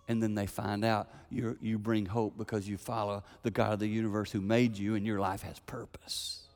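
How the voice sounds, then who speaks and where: An older man preaching a sermon, telling a family story with animated delivery and acting out the voices of the people in it. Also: on the low side, fairly quick, long reverb tail.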